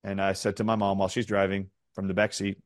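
In a low, monotone voice, a middle-aged man from the southern United States gives an animated interview, telling stories emphatically with rapid-fire questions. The recording is dry and of studio quality.

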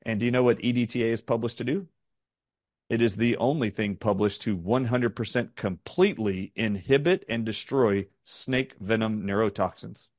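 A man's voice: fairly low pitch, darkish tone, no room sound, studio quality. A middle-aged man from the southern United States, an interview guest telling stories in an emphatic, questioning way. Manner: rapid-fire questioning, emphatic. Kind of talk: animated storytelling in an interview.

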